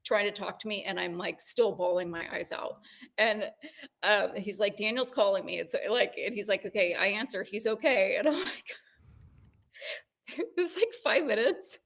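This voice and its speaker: A woman in her forties, co-hosting a podcast, telling a personal story in casual chat with animated ups and downs. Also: mid-range voice, moderate pace, gravelly. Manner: animated storytelling, rising when excited. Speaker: podcast co-host.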